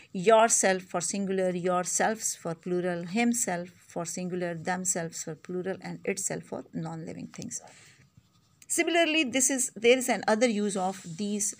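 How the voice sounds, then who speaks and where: A woman teacher, giving a slow recorded grammar lecture and repeating each example sentence. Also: mid-range voice.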